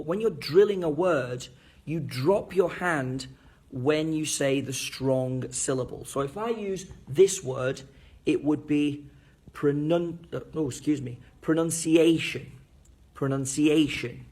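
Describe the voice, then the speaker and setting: A man teaching fellow teachers at a board, speaking clearly and enunciating each syllable as he demonstrates. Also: on the high side, takes it slowly, darkish tone. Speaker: English teacher. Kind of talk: teacher training lesson at a board.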